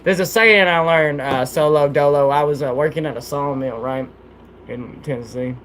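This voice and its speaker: Laid-back joking streamer guy, fairly high voice. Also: normal speed, fairly bright tone, a little hiss or hum. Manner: laid-back, joking, laughs often, slangy. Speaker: livestream host. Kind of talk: casual livestream chat.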